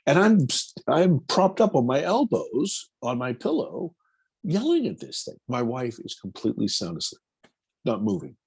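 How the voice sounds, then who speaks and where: A man, a film producer, telling a personal story in an interview, animated and acting out his own quotes. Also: medium pitch, moderate pace, creaky, breathy edge.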